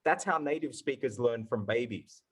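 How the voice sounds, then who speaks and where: An enthusiastic man teaching in a live question-and-answer session, talking at an average pitch. He explains with energy and keeps sounding out syllables to demonstrate each point. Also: moderate pace, fairly bright tone, slightly rough, rough recording. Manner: enthusiastic, demonstrative, repeats syllables to show tones. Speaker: Mandarin tone instructor answering questions. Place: online event session.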